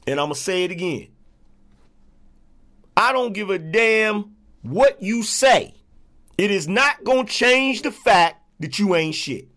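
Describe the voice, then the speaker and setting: A man's voice: high-pitched, lively intonation, slow, long pauses, pushed and bright. A man hosting a livestream, ranting at viewers in a profane, repetitive, confrontational way. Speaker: livestream host. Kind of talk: angry livestream rant.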